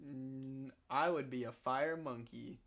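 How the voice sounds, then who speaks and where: A man in casual game commentary, excitable and swearing freely, often restarting his sentences. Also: mid-range voice, takes it slowly. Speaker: co-host commentating league matches.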